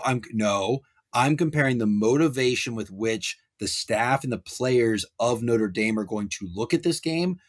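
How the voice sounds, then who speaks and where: Animated ranting sports podcast man. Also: medium pitch. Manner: animated ranting with wrestling and pop culture riffs. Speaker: podcast co-host.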